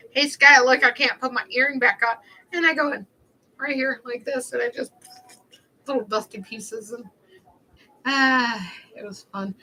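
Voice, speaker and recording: A woman's voice: a little high, sharp tone, a little hiss or hum, poor audio. A young woman chatting casually on a livestream, telling rambling stories in a snarky, talkative way.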